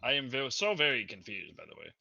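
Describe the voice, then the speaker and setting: A man co-hosting a casual comedy podcast, bemused and quick to interrupt. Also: medium pitch, sing-song, creaky, sharp tone, lo-fi sound. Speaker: podcast co-host.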